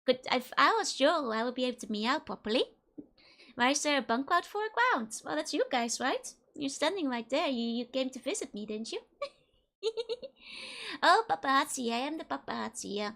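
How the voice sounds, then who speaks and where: A woman's voice: high-pitched, lively intonation, moderate pace, vocal fry, a bit bright. A woman streaming a horror game live, playful and giggly, greeting her chat one by one.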